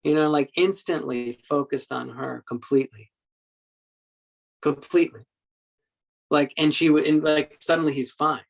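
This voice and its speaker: A man giving a Buddhist dharma talk as a meditation teacher, telling stories in a halting way with many repeated words and acting out quoted speech. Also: on the high side, fairly even intonation, creaky, poor audio. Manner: acts out quoted speech in the story.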